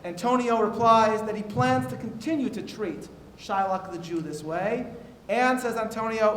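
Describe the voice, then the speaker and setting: A man with a high voice moderates a university discussion, reading his prepared introduction and quotations with many "uh"s in between. The sound carries in a roomy auditorium with a faint hiss underneath. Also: normal speed, fairly bright tone. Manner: reads quotes aloud with frequent "uh" fillers. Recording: echoey hall with faint noise.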